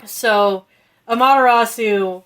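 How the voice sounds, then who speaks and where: A woman co-hosting a casual podcast, retelling a myth in a rambling, giggly way with lots of swearing and quick character voices. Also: fairly high pitch, a bit bright. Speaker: podcast co-host retelling myths. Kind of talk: casual chat.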